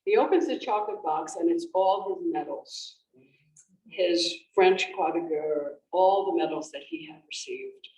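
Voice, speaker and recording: A woman's voice: lowish voice, expressive, unhurried, darkish tone. A woman author giving a talk at a library, telling a story conversationally with restarts and fillers. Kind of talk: conversational presentation. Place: library event room. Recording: roomy, distant, faint background noise.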